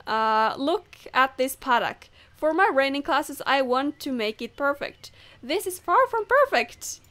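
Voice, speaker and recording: A woman's voice: sits high, lively intonation, unhurried, bright, forceful tone, heavily acted. A woman voicing a vain male French riding instructor in a game, reading his lines plainly without an accent and stumbling over words. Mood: fussy.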